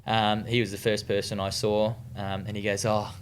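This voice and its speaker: Amid a little hiss or hum, a man with a low-ish voice and flat delivery speaks at a moderate pace in an Australian accent. Appearing as a guest in a casual interview, the retired distance runner spins laid-back stories, cursing freely and filling them with fillers and restarts.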